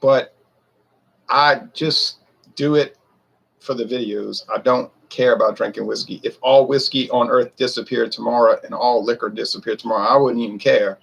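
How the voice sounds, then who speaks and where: A man's voice: medium pitch, fairly even intonation, moderate pace, gravelly, fairly bright tone, breathy edge. A man in his forties who reviews whiskey, rambling and a bit defensive as he talks straight to his viewers. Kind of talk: casual talk to camera.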